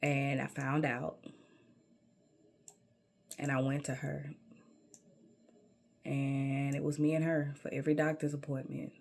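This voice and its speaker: A woman's voice: a bass voice, monotone, measured pace, creaky, long pauses, a little mellow. A middle-aged woman telling a personal story in a sassy, emphatic way, often calling the listener baby.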